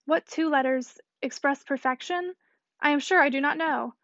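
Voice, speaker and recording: A woman's voice: sits high, moderate pace, fairly bright tone, no room sound. Miss Bates, a fluttering chatty spinster, as a woman reads her. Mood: flustered. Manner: fluttering, eager to please. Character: chattering good-natured older spinster. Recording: dull dry audiobook recording.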